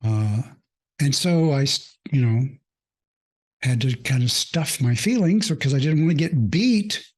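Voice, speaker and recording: A man working as a mindfulness coach, telling a personal story in a reflective, halting way with many fillers, earnest and openly emotional. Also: mid-range voice, lively intonation, a little mellow.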